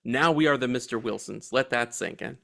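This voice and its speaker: A man's voice: mid-range voice, moderate pace, gravelly, fairly bright tone. A man co-hosting a movie podcast in casual, joking banter. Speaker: podcast co-host. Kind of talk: casual chat.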